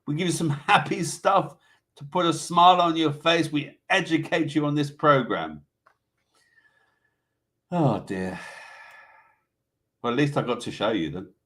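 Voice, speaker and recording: A man's voice: a little high, a little slow, long pauses, a bit bright. A British man hosting a casual live online show, reading out animal facts and viewer comments in a chatty, joking way. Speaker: host. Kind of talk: casual live-stream chat.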